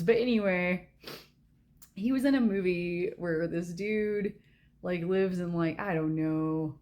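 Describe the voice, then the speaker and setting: A woman tarot reader chatting casually, rambling with many fillers and frequent giggles. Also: sits low. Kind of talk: casual chat during a tarot reading.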